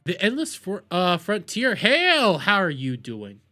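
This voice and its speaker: Bright-voiced rambling streamer man. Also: high-pitched, huge pitch swings, unhurried, faint music behind. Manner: rambling, self-deprecating, trailing restarts. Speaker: streamer host. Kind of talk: casual live-stream chat.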